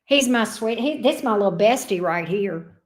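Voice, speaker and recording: A woman's voice: mid-range voice, animated, normal speed. A woman tarot reader, chatting casually and playfully on her livestream with frequent fond asides. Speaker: tarot reader and channel host.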